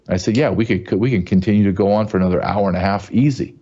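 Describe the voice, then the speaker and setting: Deep-voiced emphatic male talk show host. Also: racing, dark tone, lo-fi sound. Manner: emphatic, often repeats and restarts words. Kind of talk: talk show monologue with ad read.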